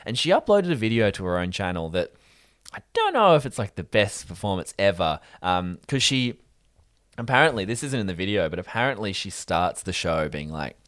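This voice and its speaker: A man's voice: a little fast, no room sound, studio quality. A young man chatting on a podcast, telling stories with swearing and mocking voices. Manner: animated storyteller, swearing, bursts into high mocking voices. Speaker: podcast co-host. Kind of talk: casual chat.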